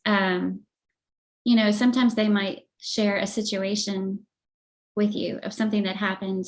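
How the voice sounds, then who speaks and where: A woman's voice: medium pitch, little pitch movement, measured pace. A woman co-hosting a casual faith-based talk show, chatty and laughing often as she acts out little quoted remarks. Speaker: podcast co-host. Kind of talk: casual chat.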